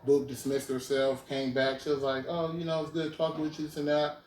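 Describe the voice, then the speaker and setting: A man's voice: a little high, completely flat delivery, a little fast, a little mellow, a little hiss or hum. A man in his twenties hosting a podcast, casually retelling a story in slang and often asking "you feel me". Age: 20s. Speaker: podcast host. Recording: roomy, distant mic.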